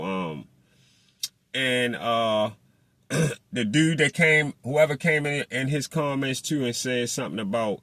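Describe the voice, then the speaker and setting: A man's voice: medium pitch, no echo. Guy with going off about boxing, cussing, dry close sound. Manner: animated, profane, mocks people in put-on voices. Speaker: boxing commentator. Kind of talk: casual monologue.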